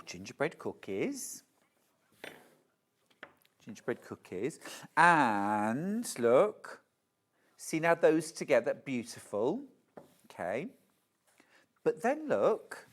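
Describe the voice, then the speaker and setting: A woman's voice: low voice, big pitch swings, takes it slowly, long pauses. A woman presenting on a live shopping channel, gushing and chatty as she shows products and reads out viewer messages.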